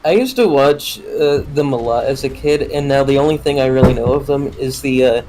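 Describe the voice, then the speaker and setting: A man's voice: mid-range voice, fairly quick, mellow, low-quality recording. A man with a slight Texan accent chatting in a laid-back way while streaming a game. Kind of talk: casual chat while gaming. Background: game music.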